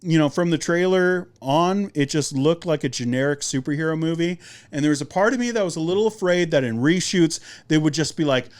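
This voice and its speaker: A young man hosting a podcast, giving a casual, rambling movie review with lots of fillers and animated jumps in his voice. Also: a little high. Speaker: podcast host.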